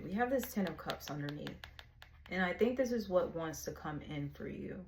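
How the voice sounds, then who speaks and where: A woman's voice: on the low side, animated, moderate pace, background noise. A woman giving a casual tarot reading in a frank, slangy way, laughing often. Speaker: tarot reader.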